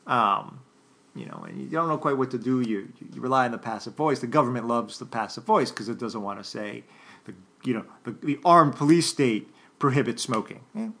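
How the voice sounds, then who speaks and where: A man lectures in an unscripted, thinking-aloud way, stopping and restarting his sentences. His voice carries a gravelly fry at the bottom, and his pitch sits in an ordinary middle range. He keeps turning to the listeners with a quick "right?". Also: animated, fairly bright tone. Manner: thoughtful, halting, many restarts and fillers; addresses listeners directly, often checking with "right?".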